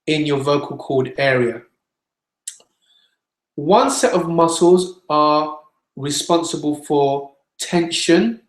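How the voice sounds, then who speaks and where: A man's voice: on the high side, echoey room. A man teaching singing in a webinar, explaining plainly and demonstrating sounds with his own voice.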